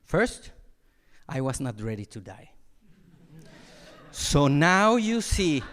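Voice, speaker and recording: Male monk, high voice; animated storyteller who mimics sounds. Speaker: monastic teacher. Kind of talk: dharma talk with storytelling. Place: retreat hall.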